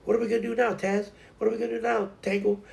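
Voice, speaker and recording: A man voicing a bubbly, eager female dog in a high, chirpy voice. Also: very fast, vocal fry. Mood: cheerful. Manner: high chirpy excited chatter.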